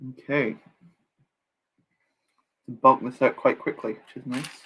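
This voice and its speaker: Steady and slow, with a bit of brightness and some huskiness, this young man's everyday mid-range voice carries a relaxed Lego-building live stream. He reads chat aloud, replies to viewers, and makes light self-deprecating jokes as he works.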